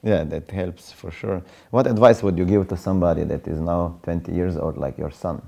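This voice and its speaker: Deep, gravelly, husky male interviewer. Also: fairly even intonation, moderate pace, warm tone. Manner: brief backchannels and short questions. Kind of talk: casual interview.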